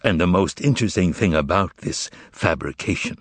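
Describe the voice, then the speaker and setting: A man's voice: low-pitched, animated, normal speed, dry recording. A man voicing a stern, dry, imperious male devil in an audiobook. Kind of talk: audiobook character voice.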